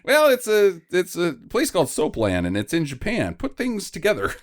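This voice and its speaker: On a laid-back podcast that pokes fun at movies, a male host speaks at a moderate pace in a high voice whose pitch swoops wildly. He laughs a lot and puts on mocking voices to act out characters as he riffs.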